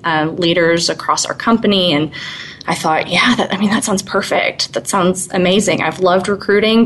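A woman's voice: lowish voice, a bit bright, a little hiss or hum, poor audio. A woman in her twenties telling her story as an interview guest, chatty with frequent little laughs and fillers.

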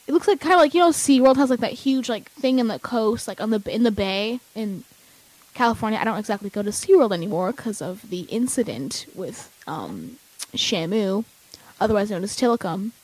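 A young woman chatting casually as a vlogger, excitable and rambling with lots of fillers. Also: mid-range voice, brisk, rough recording. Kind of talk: casual chat.

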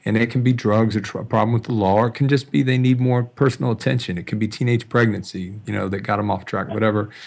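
A man hosting an interview, telling a story in a lively conversational way and acting out the dialogue. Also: fairly low pitch, fast, creaky, few pauses. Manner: animated storyteller, acts out quoted dialogue. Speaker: host.

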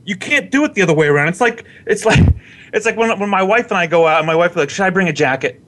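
A male sports talk co-host with a fairly high voice that swings widely in pitch. He argues in an animated, reasoning way and builds his case point by point. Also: fast talker. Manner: animated, argumentative, reasons through points aloud. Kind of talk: casual sports debate.

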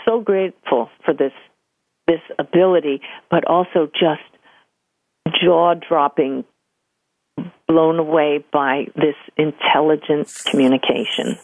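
A woman's voice: low voice, moderate pace, dry recording. An older woman, a spiritual medium, telling stories in an interview and acting out the voices she quotes. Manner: animated storyteller, acts out quoted voices. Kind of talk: conversational interview storytelling. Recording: tinny phone-line audio.

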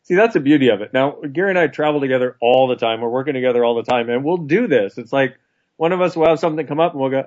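A man co-hosts a radio talk show in an easy, joking manner and laughs often. His pitch sits mid-range, and the broadcast sound is a little dull. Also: rapid-fire, a little mellow. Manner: chatty, joking, laughs easily. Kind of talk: casual chat.

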